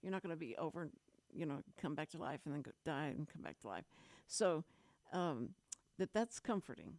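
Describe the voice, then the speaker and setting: A woman hosting a radio talk show, telling a story in lively casual chat and laughing often. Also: low voice, dry recording. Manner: animated storyteller, laughs often, quick asides.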